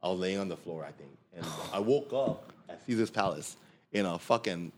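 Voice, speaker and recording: A man's voice: low-pitched, fairly quick, background noise. Casual man telling frat stories. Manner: animated, acts out quotes in the story. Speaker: podcast guest. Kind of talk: casual storytelling.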